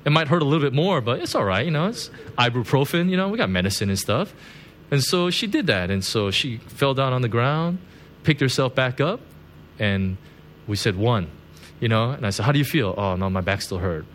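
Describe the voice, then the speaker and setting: A male pastor giving a loose, conversational sermon, his pitch swinging up and down as he talks. He keeps tagging on "right?" and "you know", and chuckles at his own stories. A faint hum of room ambience sits behind him. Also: big pitch swings, moderate pace, a bit bright. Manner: chatty, constant "right?" and "you know" asides.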